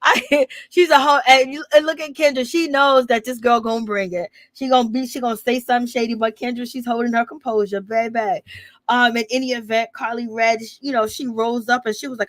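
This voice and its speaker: Woman, sassy gossip recap, animated, slightly high voice, laughs a lot. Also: moderate pace, dry recording. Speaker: reality TV recap commentator.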